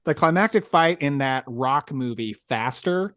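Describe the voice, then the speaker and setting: A man guesting on a movie podcast, adding quick wry remarks in casual chat. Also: mid-range voice, expressive, a bit bright, no echo, clean studio sound.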